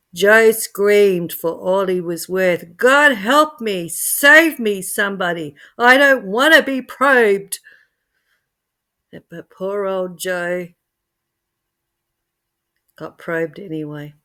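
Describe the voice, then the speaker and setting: Woman narrator, dramatic storytelling, unhurried, lowish voice. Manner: expressive, swings from hushed to loud.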